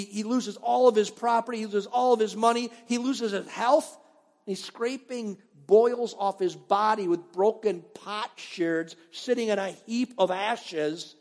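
A man preaching a sermon as a pastor, telling stories with animated swings between loud and hushed. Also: high-pitched, long reverb tail. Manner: animated storytelling, acting out biblical voices, dropping to near-whispers.

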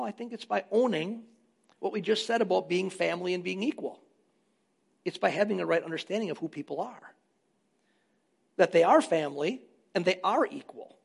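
A man's voice: high voice, creaky. A man, a pastor, preaching a sermon with emphatic rises in volume on key phrases. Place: church.

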